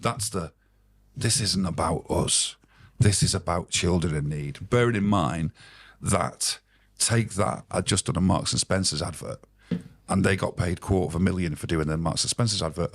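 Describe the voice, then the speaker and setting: A man tells rambling stories as a podcast guest, swearing freely. His voice is very low and gravelly with a husky edge. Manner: swearing, rambling, animated anecdotes. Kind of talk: casual storytelling anecdote.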